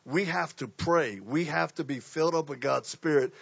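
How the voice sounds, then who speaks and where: A man preaching a sermon, telling stories and acting out voices, swinging from quiet to loud. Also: fairly high pitch, normal speed, creaky, breathy edge, dry recording, dull audio.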